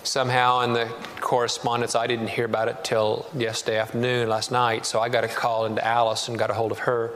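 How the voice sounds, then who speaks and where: A man's voice: medium pitch, completely flat delivery, fairly quick, hardly any pauses, a bit bright. A male pastor preaching a sermon, telling a story and building to emphatic passages. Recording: long reverb in a large hall, faint noise.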